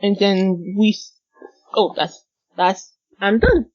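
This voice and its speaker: A woman with a mid-pitched voice, a guest on a podcast, walks through comic scenes step by step. She voices the characters' lines casually as she goes. The sound is dull and lo-fi. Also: animated, slow pace, darkish tone. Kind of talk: casual chat retelling a manga chapter.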